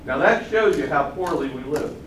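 An older man preaching a sermon, swinging from loud exclamations to quiet asides. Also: a little high, lively intonation, normal speed. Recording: roomy sound from far off the mic, faint hum.

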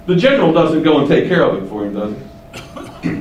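A man teaching the Bible, explaining and asking rhetorical questions, shifting his pitch for emphasis. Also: sing-song, brisk, a little mellow, lo-fi sound. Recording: echoey room, distant mic, faint hiss.

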